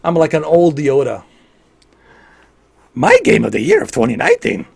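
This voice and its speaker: A man's voice: a little high, huge pitch swings, normal speed, creaky, pauses often, a little mellow, husky. A man in his forties chatting casually on a gaming livestream, rambling, repeating himself and giving earnest opinions. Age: 40s. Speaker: livestream gamer.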